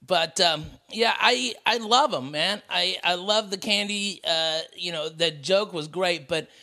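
A Southern US man with a high, bright voice swears his way through a jokey podcast rant. He talks loosely and crudely, firing off insults between laughs. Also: a little slow. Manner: profane, ranting, jokey. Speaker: podcast co-host. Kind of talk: casual comedic chat.

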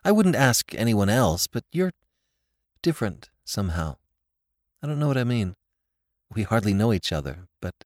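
A man voicing a gentle, frightened young woman in a storybook reading, speaking softly and pleadingly. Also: fairly low pitch, very animated, normal speed, pauses often, dry recording, clean studio sound.

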